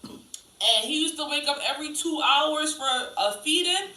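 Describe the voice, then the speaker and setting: Very bright, lively woman joking bluntly. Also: sits high, normal speed. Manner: blunt and joking, swears casually. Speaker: podcast co-host. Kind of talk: casual chat. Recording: echoey room, mic at a distance.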